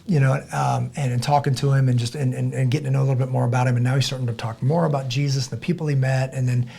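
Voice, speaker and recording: Husky-voiced man telling a lively story. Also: mid-range voice, rapid-fire. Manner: animated, acts out other people's voices; frequent restarts and repeated words. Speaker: podcast guest. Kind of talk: conversational storytelling.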